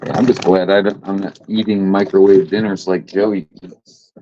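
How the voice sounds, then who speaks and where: A man's voice: low voice, fairly even intonation, normal speed, dark tone, slight background noise. A man hosting a casual livestream, rambling and swearing, teasing his chat in a lazy sing-song. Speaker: livestream host. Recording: dull lo-fi stream audio.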